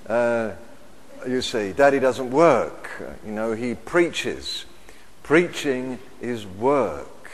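Slow, emphatic male preacher in a reverberant hall. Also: medium pitch. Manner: measured, emphatic, repeats key phrases. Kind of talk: sermon.

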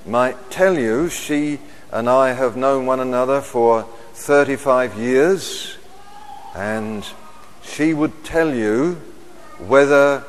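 A middle-aged man preaching a sermon, measured and emphatic, repeating his key phrases. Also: medium pitch. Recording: long hall reverb.

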